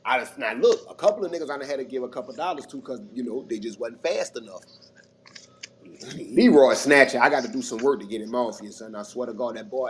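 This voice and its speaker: A man from Mississippi telling a rambling, animated story in casual chat, swearing freely and acting out what people said. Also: mid-range voice. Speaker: regular panelist. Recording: noisy audio-chat recording.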